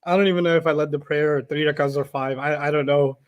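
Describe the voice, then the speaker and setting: A man with a fairly high voice teaches a class in a casual, chatty way. He acts out the people in his stories and keeps asking students to answer. Typing is heard now and then in the background. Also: quick pace. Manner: animated storyteller who acts out quoted people; asks students questions and checks their answers. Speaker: Arabic teacher. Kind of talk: casual storytelling and live teaching.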